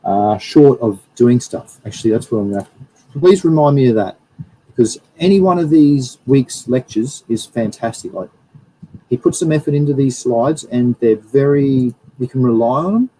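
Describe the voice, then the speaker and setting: A plant scientist hosts a live stream, reading through slides in a loose, chatty way, rambling and correcting himself as he goes. His mid-range voice moves at a moderate pace, warm in tone with a breathy edge, though the recording is rough.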